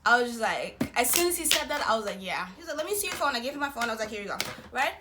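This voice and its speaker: A young woman vlogger telling a personal story in a casual, slangy, animated way, acting out what people said. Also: on the high side, rapid-fire, loud music behind the voice. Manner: slangy, animated retelling with quoted voices.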